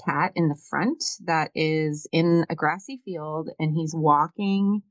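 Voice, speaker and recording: A woman's voice: low voice, fairly even intonation, takes it slowly, no echo, dull audio. A woman co-hosting a casual tarot reading chat, musing aloud with many fillers. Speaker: tarot reader co-host.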